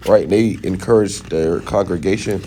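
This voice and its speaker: A man giving a sit-down religious teaching in loose, casual talk. He checks in often with quick tags and turns heated and scornful. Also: low voice, dark tone, a little hiss or hum. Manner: talks loosely, checks in with "right?" and "okay?".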